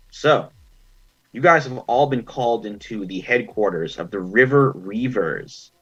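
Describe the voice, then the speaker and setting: A man running a tabletop game as game master, narrating the scene in a relaxed, descriptive, chatty way. The audio is dull and lo-fi. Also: lowish voice, breathy edge.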